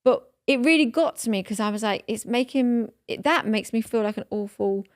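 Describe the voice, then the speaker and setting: A woman's voice: a little high, a little fast, no room sound, clean studio sound. A woman in her thirties, co-hosting a podcast and telling a story in casual chat, full of fillers and emotion. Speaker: podcast co-host.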